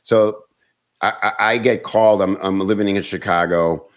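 A comedian and actor telling stories in casual chat, animated and often restarting words. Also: male voice, fairly low pitch, moderate pace.

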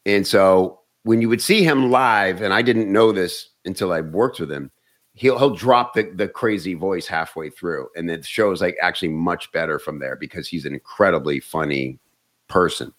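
Comedian guy telling stories, kinda low voice, animated, stumbles and repeats words. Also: moderate pace. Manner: animated, restarts words often. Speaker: comedian and actor. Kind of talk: casual storytelling chat.

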